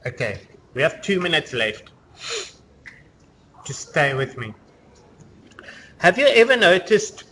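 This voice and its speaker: Chatty male lecturer, slightly high voice. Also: bright, forceful tone, a little hiss or hum. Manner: conversational, explaining with many fillers. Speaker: university lecturer. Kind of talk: classroom lecture. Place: lecture room.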